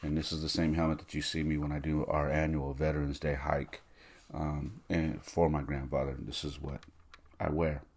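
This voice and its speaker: A middle-aged man with a bass voice hosts a podcast, speaking at a moderate pace with flat, slightly mellow delivery. His personal story comes out casually, peppered with fillers, as he acts out the voices of people he quotes.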